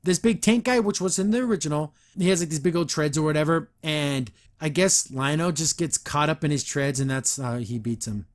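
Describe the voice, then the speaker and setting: A man's voice: a little high, a little fast, few pauses. Sarcastic man recapping a cartoon. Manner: sarcastic, exasperated, laughs often. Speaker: podcast host reviewing a cartoon. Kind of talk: casual recap and reaction.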